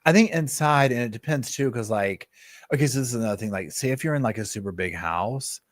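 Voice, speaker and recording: A man, hosting a casual live chat from home and telling animated stories full of fillers and asides. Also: mid-range voice, fast, no echo. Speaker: live stream host.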